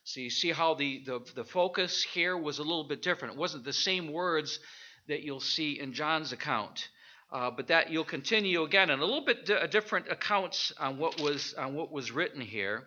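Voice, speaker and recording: A man teaching an informal Bible study, thinking aloud with halting restarts and rhetorical questions. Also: on the high side, expressive, bright, forceful tone, lo-fi sound.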